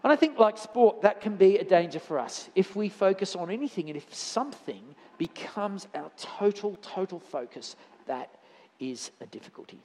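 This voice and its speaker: Man preaching, slightly higher voice, church hall reverb, chatty story-telling. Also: big pitch swings, moderate pace, a little mellow. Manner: conversational and anecdotal, with frequent restarts. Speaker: lay preacher. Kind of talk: sermon.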